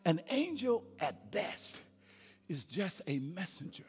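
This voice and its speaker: A man preaching a live sermon as pastor, calling out to the congregation and building from quiet, repetitive phrasing to shouted peaks. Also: high-pitched, sing-song, takes it slowly. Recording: reverberant live church hall.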